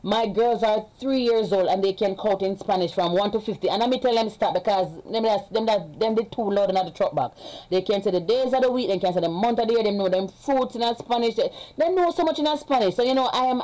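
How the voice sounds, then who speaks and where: Chatty Jamaican woman with a mellow voice. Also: medium pitch, low-quality recording. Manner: rambling and chatty, breaking off to give orders to her children. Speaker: live streamer and mother. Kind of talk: casual live-stream chat. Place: home.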